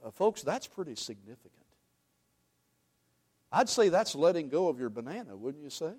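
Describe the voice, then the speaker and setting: A man preaching a sermon, animated, swinging from loud emphasis to hushed asides and quizzing the congregation. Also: a little high, normal speed, slightly rough. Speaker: pastor.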